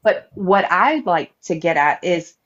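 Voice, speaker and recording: Woman debater, lively storyteller, slightly muffled stream audio. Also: on the low side, unhurried. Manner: animated storytelling, acting out quoted voices. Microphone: live-stream mic.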